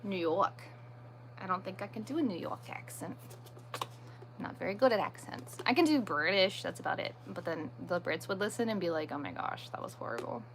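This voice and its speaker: A woman's voice: mid-range voice, expressive, brisk, vocal fry, slight background noise. A woman hosting a live stream in casual chat, answering viewer comments and poking fun at herself, firm with pushy viewers. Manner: chatty, answers viewer comments as they come; self-deprecating.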